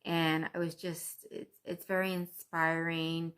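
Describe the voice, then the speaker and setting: A woman's voice: sits low, level tone, takes it slowly, fairly bright tone, clean tone. A woman from Canada chatting casually and cheerfully to her viewers about her stitching, with frequent ums. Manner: chatty, upbeat, with many ums. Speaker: cross-stitch vlogger.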